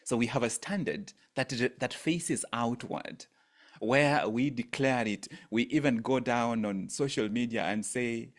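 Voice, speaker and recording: A man's voice: medium pitch, a little slow. Male workshop coach, emphatic and repetitive, mid-range voice, on a video call. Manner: emphatic, repeats phrases for effect, rises sharply on quoted lines. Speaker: mindset coach leading an online workshop. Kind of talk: teaching talk.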